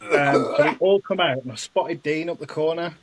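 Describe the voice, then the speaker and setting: A man's voice: fairly high pitch, fairly quick, over a noisy crowd, low-quality recording. A man telling a story playfully, laughing often, in a casual group chat. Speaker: scare actor and guest.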